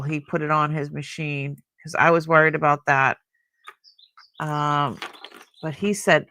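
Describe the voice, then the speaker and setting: Woman, middle-aged, live sale host, chatty and admiring, slow pace, lowish pitch. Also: gravelly, pushed and bright, a little hiss or hum. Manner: chatty, rambling, admiring, many fillers. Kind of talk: casual live-stream selling chat.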